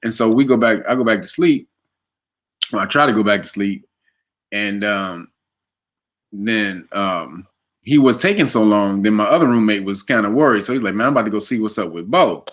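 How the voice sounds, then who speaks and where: A man in casual conversation, telling a long story with lots of laughter and animated quoted voices. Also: moderate pace. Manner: animated, laughs often, jumps to high pitch for quoted voices. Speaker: guest.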